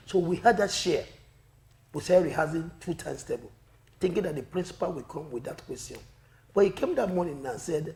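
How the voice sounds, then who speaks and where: A man with a Nigerian accent, a guest comedian telling a funny story in an animated way and laughing often. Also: fairly high pitch, a little fast. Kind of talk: comic storytelling. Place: studio.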